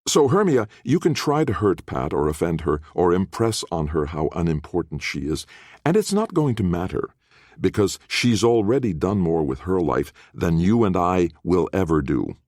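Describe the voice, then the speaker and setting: A man's voice: low voice, sing-song, moderate pace, a little mellow, no room sound, clean studio sound. A man reading an audiobook, voicing a blunt, worldly woman with a sardonic, teasing manner. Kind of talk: audiobook character voice.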